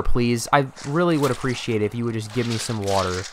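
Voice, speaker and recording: A man's voice: mid-range voice, fast talker, sharp tone, a little hiss or hum. A man giving profane, exasperated running commentary while playing a game, joking and scolding his character. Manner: jokey, talks to the game character. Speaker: gaming channel host. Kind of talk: gameplay commentary.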